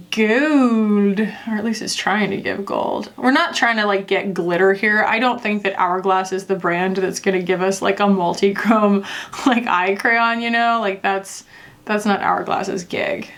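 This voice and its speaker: A woman's voice: mid-range voice, fairly even intonation, measured pace. A young woman beauty reviewer chatting casually and rambling with lots of fillers while doing her makeup.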